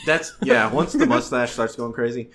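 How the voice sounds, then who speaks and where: A man chatting casually with friends, telling stories in an animated way and laughing often. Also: mid-range voice, moderate pace. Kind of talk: casual chat among friends.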